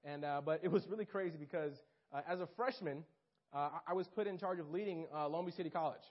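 A young man giving a casual storytelling sermon to a church group, animated and full of fillers. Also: on the high side, quick pace. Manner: animated and casual, lots of fillers and acted-out quotes. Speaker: campus minister speaking to a church group. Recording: dull lo-fi recording.

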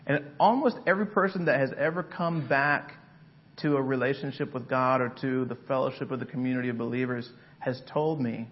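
A man preaching a sermon as pastor, dramatic and swinging from loud passages to hushed ones. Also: mid-range voice, brisk, muffled recording, a little hiss or hum.

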